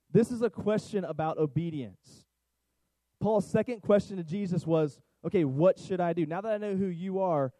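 A middle-aged man gives a sermon in a relaxed, conversational way, often turning to the congregation with questions. His voice sits a little high for a man, with a soft, mellow tone. The sound is dry and close. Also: no echo, poor audio. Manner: conversational, asks the crowd questions. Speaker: pastor.

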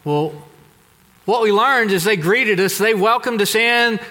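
A man from Texas preaches in a large church hall, his high, bright voice carrying a long echo. He tells stories with emphatic turns that drop suddenly soft. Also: unhurried, slight background noise. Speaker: pastor. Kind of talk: sermon. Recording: echoey hall.

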